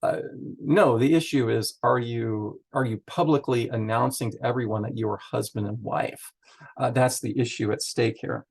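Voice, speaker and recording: A man's voice: medium pitch, fairly even intonation, moderate pace, vocal fry, darkish tone. A man leading a Bible study, chatting through the text in a loose, thinking-aloud way with many fillers. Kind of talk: casual Bible teaching.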